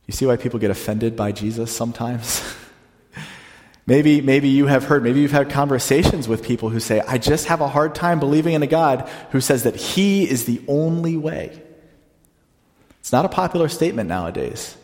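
A man, a pastor, preaching a sermon in a conversational way, slowing down to stress the lines he quotes. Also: medium pitch, expressive, a little mellow, long reverb tail.

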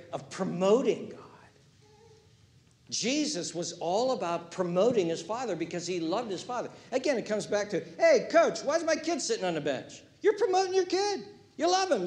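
A man preaching a sermon, animated, acting out quotes and swinging from hushed words to loud ones. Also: very high voice. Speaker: pastor.

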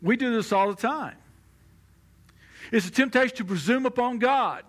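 Male pastor, sermon, very high and bright voice, conversational delivery, acts out quoted voices. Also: moderate pace.

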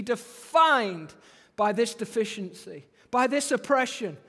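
A man preaching a sermon, animated, with phrases repeated for emphasis. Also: high voice, a little slow. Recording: long hall reverb.

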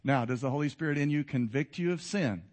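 A man in his fifties preaching a sermon to a congregation, swinging between loud exhortation and quiet intensity. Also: on the high side, fast talker. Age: 50s. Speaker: pastor. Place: church before a congregation.

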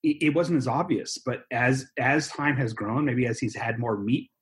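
A man's voice: mid-range voice, normal speed. An American man co-hosting a podcast, talking in a rambling, joking way with many restarts. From United States. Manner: rambling, self-interrupting, joking. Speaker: podcast co-host. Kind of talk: casual chat.

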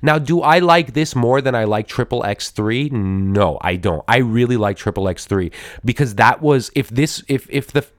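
Expressive and mid-range, a male podcast host speaks at normal speed in clean, echo-free studio audio. His casual movie review comes across as wry and mock-admiring, rambling along with many restarts and repeated words.

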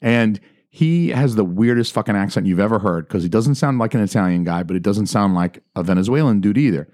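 A man with a lowish voice co-hosts a casual podcast. He talks loudly and swears often, in a joking way. The sound is dry and close, with no room echo. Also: expressive, fairly quick. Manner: loud, profane, joking. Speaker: podcast co-host. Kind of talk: casual chat.

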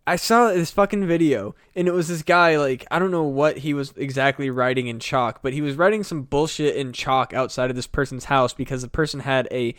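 A man's voice: mid-range voice, fairly quick, hardly any pauses, clear, resonant tone, no room sound, studio quality. A man co-hosting a casual podcast a few beers in, rambling and swearing through a heated rant. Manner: rambling, profane, animated rant. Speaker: podcast co-host. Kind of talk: casual chat.

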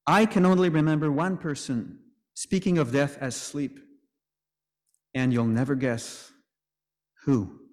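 A man's voice: a little high, fairly even intonation, unhurried, long pauses, darkish tone, big-room sound. A man preaching a sermon in a conversational way, with joking asides.

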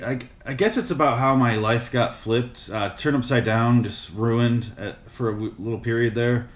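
A man telling a comic story as a rambling monologue, full of hesitations and swearing. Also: lowish voice. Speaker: comedic vlogger. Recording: roomy echo.

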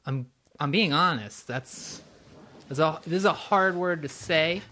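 A man's voice: a little high, measured pace, pushed and bright, a little hiss or hum. A young adult man hosting a casual interview, supportive and thoughtful, with short affirmations. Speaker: podcast host.

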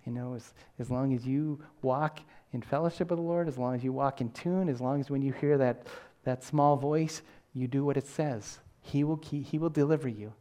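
Middle-aged guy preaching, warm mellow tone, chatty and earnest. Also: mid-range voice, moderate pace. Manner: earnest, conversational preaching with frequent restarts. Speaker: pastor. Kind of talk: sermon.

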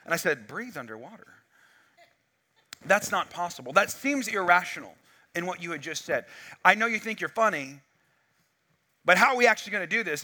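A man preaching a sermon, telling a story with lots of acted-out dialogue, on a wireless mic. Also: sits high. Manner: animated storytelling, acts out dialogue. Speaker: pastor.

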